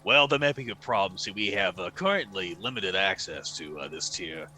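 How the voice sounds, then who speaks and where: A man's voice: deep voice, lively intonation, normal speed, pushed and bright, a little hiss or hum. A man playing his character in a tabletop game, speaking formally and politely. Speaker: player.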